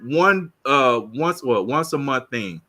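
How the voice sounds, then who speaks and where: Man in his fifties, casual co-host chat, lively and bright. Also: medium pitch, slow pace. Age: 50s. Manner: laughing, joking, animated storytelling. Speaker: podcast co-host.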